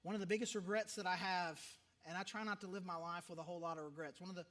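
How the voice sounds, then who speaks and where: A man's voice: sits high, fairly even intonation, very fast, fairly bright tone. A man who is a pastor, preaching a sermon in a conversational way, often repeating himself for emphasis. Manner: conversational, self-interrupting, emphatic repetitions.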